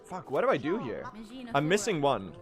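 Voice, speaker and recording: A young man streams a speedrun and talks loosely and jokily to his chat, swearing as he goes. His voice sits a little high and moves all over the place. Faint game music plays underneath. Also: very animated, normal speed. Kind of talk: live gameplay commentary.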